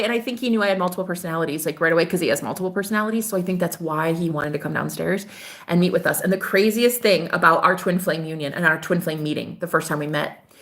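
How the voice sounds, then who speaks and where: A woman's voice: lowish voice, quick pace. Chatty woman telling a story to viewers. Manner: chatty and animated, swearing, addressing viewers as "girl"; voices other people in quoted dialogue. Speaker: spiritual advisor. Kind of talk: casual storytelling to camera.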